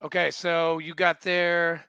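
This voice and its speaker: A man's voice: a little high, level tone, takes it slowly, sharp tone, clean tone, no echo, dull audio. A man in his forties hosting a podcast, chatting in a laid-back casual way. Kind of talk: casual chat.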